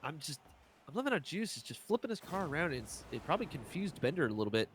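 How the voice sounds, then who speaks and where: Excitable male esports caster. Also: fast talker, slight background noise. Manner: excitable jumps in pitch, jokey asides. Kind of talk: live esports commentary.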